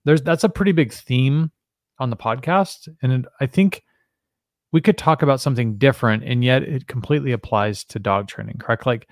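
A man's voice: mid-range voice, fairly quick, no room sound, studio quality. A man co-hosting a podcast, chatting casually, joking with his partner and asking him questions. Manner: chatty, asks questions, jokes with his co-host. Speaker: podcast co-host.

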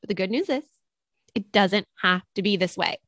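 A woman co-hosting a teaching podcast, explaining ideas in an encouraging, steady way. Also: mid-range voice, normal speed, no room sound. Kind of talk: casual podcast chat.

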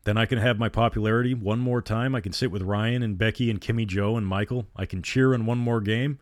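Man doing a fragile pleading teenage girl, soft, low, dry close sound. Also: steady tone, brisk, no echo, natural voice.

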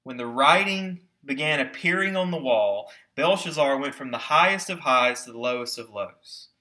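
A man preaching a sermon with emphasis, slowing down to stress key words and putting rhetorical questions to his listeners. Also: mid-range voice, lively intonation, sharp tone. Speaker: pastor.

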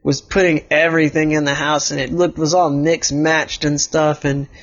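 A man's voice: a little high, flat delivery, moderate pace. Rambling male storyteller, lo-fi sound. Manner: rambling, with restarts and "and". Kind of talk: improvised storytelling. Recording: dull lo-fi recording.

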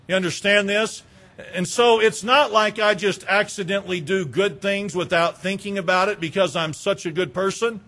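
A man's voice: sits high, fairly even intonation, moderate pace, sharp tone. A man preaching a conversational sermon as a pastor, asking the congregation questions and acting out little everyday exchanges.

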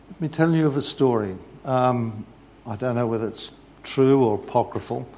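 A man preaching a sermon, telling a story in a measured way. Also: medium pitch, dark tone, highs cut off.

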